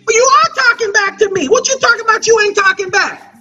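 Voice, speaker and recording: A man's voice: very high-pitched, fairly quick, sharp tone, dull audio, soft background music, pitched above the performer's own voice, full character voice. A man putting on a sassy, scolding viewer who talks back at the screen, in a vlog impression. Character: nagging, mocking viewer talking back at the screen.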